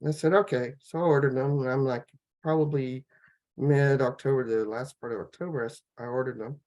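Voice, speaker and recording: A woman on a laptop video call, telling her personal health story in a rambling, halting way, full of fillers and restarts. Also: rumbling low, steady tone, a little mellow. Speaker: guest sharing a health testimonial. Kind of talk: casual personal testimony.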